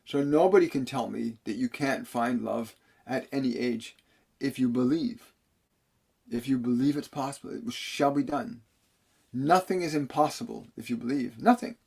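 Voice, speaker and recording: A man of middling pitch hosts a live channeling session. He speaks earnestly and warmly to his viewers, repeating key phrases for emphasis and laughing softly between answers. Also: moderate pace, vocal fry, slightly rough. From Canada. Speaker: spiritual medium.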